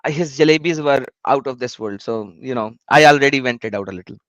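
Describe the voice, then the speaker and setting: A man's voice: mid-range voice, brisk, fairly bright tone, dry recording, lo-fi sound. A man hosting a live debate stream, blunt, mocking and combative.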